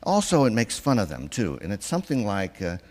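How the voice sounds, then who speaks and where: A man preaching a sermon to his congregation, chatty and questioning, with a very lively, wide-ranging pitch. His voice carries a long reverb through the church. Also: fairly quick. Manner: conversational, asks the congregation questions.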